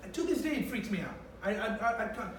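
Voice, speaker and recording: A young man from India with an English accent that still carries some Indian traces, performing a swearing, animated stand-up set for a few friends. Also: sits high, quick pace, noisy background. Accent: Indian-English, mostly English. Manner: animated, acting out voices, swearing. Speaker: stand-up comedian. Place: small room with a few friends. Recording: echoey room from a far mic, faint ambience.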